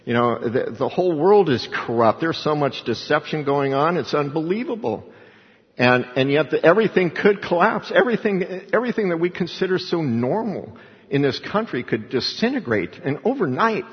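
A man's voice: a little high, expressive, moderate pace. A middle-aged man giving an informal Bible teaching, talking conversationally and reading scripture aloud. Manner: conversational, reads scripture aloud, chuckles often. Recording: dull sound with long hall reverb.

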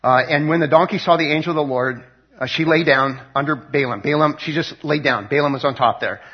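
A man's voice: a little high, brisk, slightly rough. A man teaching a Bible passage in a loose, conversational way, reading verses aloud and retelling them with many fillers and restarts. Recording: dull lo-fi recording.

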